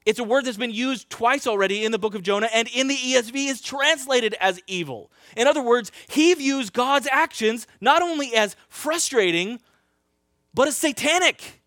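A man preaching a sermon as a pastor, telling stories in a lively way and acting out scenes. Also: very high-pitched, normal speed, no echo, clean studio sound. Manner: animated storytelling, acts out scenes.

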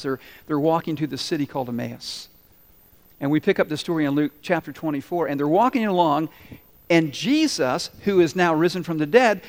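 A man with a high-pitched voice delivers a sermon in a church sanctuary. He stretches out key words with slow, dramatic pauses and briefly takes on the voices of the people he quotes. His voice rings with a long hall reverb. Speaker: pastor.

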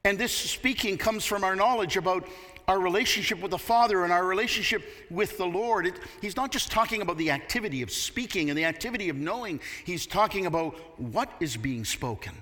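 A man's voice: high voice, expressive, brisk, pushed and bright, in a large hall. A man preaching a sermon from Canada, earnest and building to emphatic peaks. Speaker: pastor.

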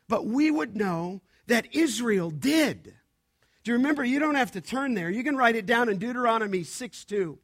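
A man preaching a sermon to his congregation, slow and emphatic, building to loud declarations. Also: very high-pitched, lively intonation. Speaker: pastor.

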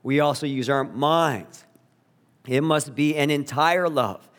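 A man preaching a sermon as a pastor, earnest and emphatic, slowing down to stress key words. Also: a little high, fairly bright tone. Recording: long reverb of a large hall.

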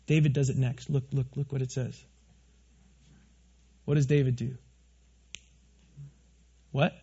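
A pastor preaching a sermon to his congregation from the stage, animated and asking them questions. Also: medium pitch, slightly rough, highs cut off. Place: church stage before a congregation.

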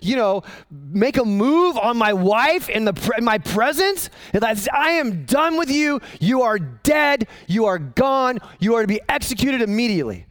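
A man voicing a hot-tempered, not very bright king in a loud, comic, exaggerated way. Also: extremely high pitch, big pitch swings, normal speed, dry recording, studio quality, voice pushed up, heavily acted. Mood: furious. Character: blustering dim-witted king, grown man, hot-tempered.

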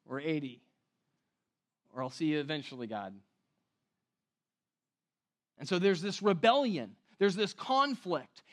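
A man preaching a sermon in a conversational way, often asking the room questions and slowing down to stress key words. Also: high voice. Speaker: pastor.

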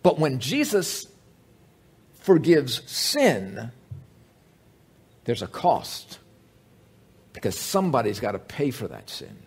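A man's voice: medium pitch, a bit bright, husky. A man teaching from the Bible in a sermon. He retells a story with emphasis and asks the listeners questions.

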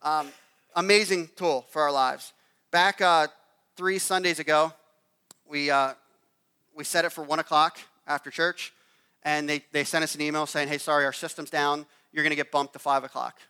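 A man in his thirties gives a relaxed, storytelling sermon, often checking in with the congregation with a quick "okay?". His voice is bright and smooth, a little higher than most men's. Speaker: pastor. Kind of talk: conversational sermon.

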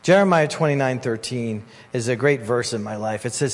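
A man preaching a sermon as pastor, conversational and animated, acting out voices in the story. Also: medium pitch, normal speed, few pauses. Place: church hall. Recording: long hall reverb.

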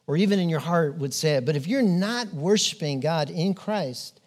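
A man preaching a sermon as pastor, earnest and emphatic, pausing often and restarting phrases. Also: a little high, expressive. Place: church.

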